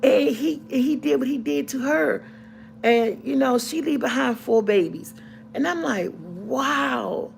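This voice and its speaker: A middle-aged woman talks straight to her viewers in a loose, heartfelt vlog ramble. Her voice sits a little high and carries a gravelly rasp, with a faint hiss in the background. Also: lively intonation, moderate pace, a little mellow. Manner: rambling and heartfelt, restarts and repeats. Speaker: vlogger. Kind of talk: casual storytelling chat to camera.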